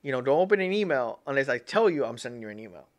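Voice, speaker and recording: A man's voice: medium pitch, big pitch swings, racing. A man hosting a casual tech-tips livestream, rambling and repeating himself, often calling his viewers "guys". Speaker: livestream host.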